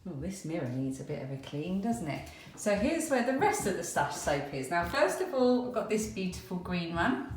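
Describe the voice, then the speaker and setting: Chatty British woman, low-pitched. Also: sing-song, normal speed, few pauses, slight background noise. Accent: British English. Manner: chatty, rambling, laughs often. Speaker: craft vlogger. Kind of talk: casual chat to camera. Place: home, bedroom and bathroom.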